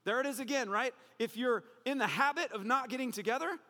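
A pastor preaching a sermon in an animated, conversational way with playful asides. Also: male voice, very high-pitched, a little fast, long reverb tail.

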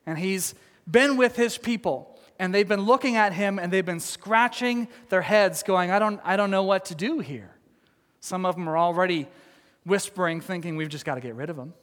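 A man's voice: on the high side, a bit bright, long reverb tail. A man preaching a sermon as pastor, telling the story with laughs, asides and acted quotes.

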